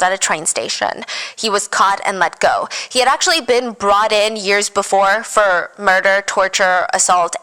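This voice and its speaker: A woman's voice: medium pitch, poor audio. Woman hosting a true crime podcast. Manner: casual, animated retelling with wry asides. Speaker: podcast host.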